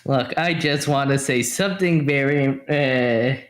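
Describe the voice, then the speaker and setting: A man's voice: medium pitch, unhurried. A man co-hosting a podcast over a voice call, chatting casually, thinking aloud and often trailing off mid-sentence. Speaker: podcast co-host.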